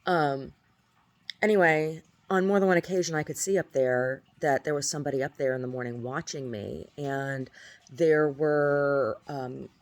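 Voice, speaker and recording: A woman's voice: low-pitched, steady tone, normal speed. A woman talking casually into her video diary at home, rambling and aggrieved, often restarting her phrases. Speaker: video diarist.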